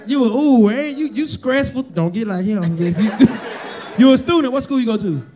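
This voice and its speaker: A man with a Southern US accent doing loud, profane stand-up crowd work, roasting the audience from a club stage. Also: extremely high pitch, animated, normal speed. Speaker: stand-up comedian. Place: comedy club ballroom on stage. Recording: live club crowd laughter and noise. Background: audience laughter.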